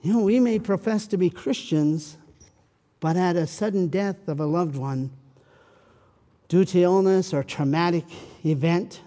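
Male preacher, sermon, high voice, slow deliberate delivery, dramatic swings from loud to hushed, long hall reverb. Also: expressive.

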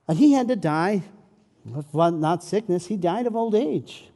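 A man preaching a sermon, swinging from loud pleading questions to soft, hushed comfort. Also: sits high, animated, unhurried, in a large hall.

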